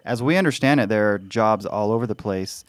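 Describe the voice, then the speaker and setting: A man's voice: on the low side, a little fast, no room sound. A man co-hosting a podcast, easygoing and dry-humored in casual chat. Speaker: podcast co-host.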